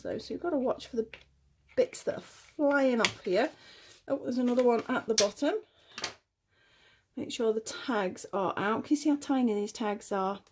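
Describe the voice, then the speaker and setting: A woman's voice: a little high, background noise. A woman chatting casually at home as she unboxes little dolls, cooing over the tiny details. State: a bit out of breath. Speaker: doll collector unboxing dolls. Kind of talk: casual unboxing chat to camera.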